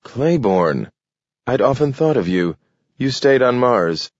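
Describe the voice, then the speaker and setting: A man reading the part of a nervous, reclusive male doctor who speaks in an anxious, halting way. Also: mid-range voice, sing-song, no echo, voice pushed up. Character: shaken male doctor who dreads leaving home. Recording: dull lo-fi dry recording.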